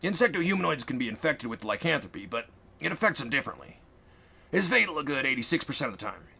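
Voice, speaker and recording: A wounded masked mercenary, voiced by a man, hurt but still dry and matter-of-fact. His voice sits a little high and swings widely between flat asides and lifted emphasis. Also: fast, creaky, husky, exaggerated voice. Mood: explaining. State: hurt, coughing. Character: wounded, wry male mercenary leader in a mask.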